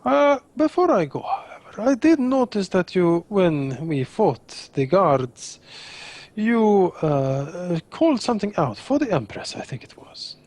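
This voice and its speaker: A man's voice: high voice, very animated, a little slow, darkish tone, voice pushed up, heavily acted. A man voicing courteous knight Raphael. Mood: earnest. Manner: formal, courteous, hesitant with many fillers. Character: Raphael, courteous honor-bound adult man. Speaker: tabletop player.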